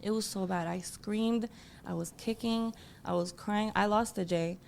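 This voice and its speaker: A woman guest telling an emotional personal story, acting out what people said with lively quoted voices. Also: a little slow, creaky, a little hiss or hum. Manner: animated, acts out quotes in a higher voice.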